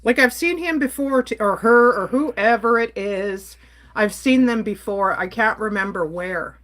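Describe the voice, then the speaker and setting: A woman's voice: fairly high pitch, measured pace, a bit bright. A woman from Canada ranting on a casual livestream, exasperated and blunt while she reads and answers her chat. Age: adult.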